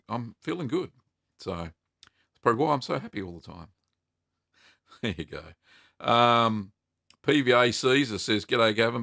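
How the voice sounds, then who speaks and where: Middle-aged man, casual live-stream host, chatty and cheerful; low, gravelly, bright voice, dry close sound. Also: no room sound. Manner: chatty, upbeat, laughs often, many ums. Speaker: cheese-making livestream host. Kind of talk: casual live Q&A, reading chat aloud.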